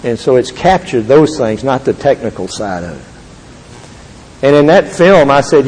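An older man giving an earnest, halting Christian testimony to an audience. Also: mid-range voice, very animated, a little mellow, a little hiss or hum. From Texas. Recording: long reverb of a large hall.

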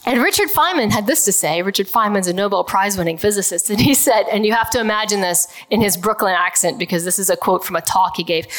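A woman speaks to a live audience as a physicist giving a talk, her pitch sitting in an ordinary middle range. She explains with everyday examples and keeps checking in with her listeners. Light laughter slips into her explanations now and then. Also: fast, few pauses.

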